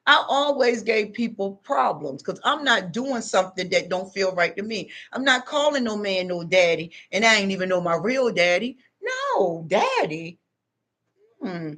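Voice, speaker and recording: A middle-aged woman speaks in a mid-pitched voice, addressing her followers directly. She talks in an emphatic, preachy way. Her monologue is unscripted and motivational. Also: animated, moderate pace, few pauses, fairly bright tone. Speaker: spiritual self-help vlogger.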